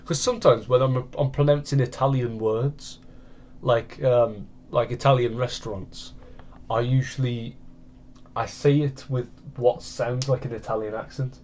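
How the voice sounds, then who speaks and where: Guy, mid-pitched voice, rambling casual game commentary. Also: fairly even intonation, measured pace, a little mellow, a little hiss or hum. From United Kingdom. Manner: rambling, meandering chat. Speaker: gaming channel host.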